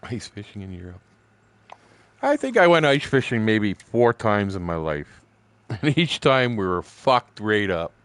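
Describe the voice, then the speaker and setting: An older man in his sixties chats while he plays a fishing game on stream. His voice sits a little low. He rambles through old stories, swears freely and laughs along the way. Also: big pitch swings, unhurried, a bit bright, no room sound. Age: 60s.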